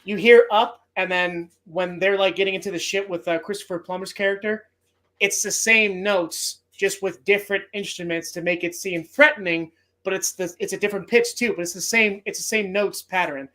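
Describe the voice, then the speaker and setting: A man's voice: sits high, fairly even intonation, normal speed, pushed and bright. A man hosting a movie podcast, talking casually in a rambling, heartfelt way and swearing often. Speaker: podcast host.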